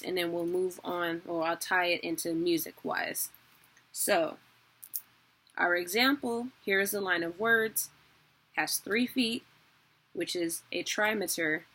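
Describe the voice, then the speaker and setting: Young woman, bright tone, lowish pitch; chatty self-deprecating teacher for an online lesson.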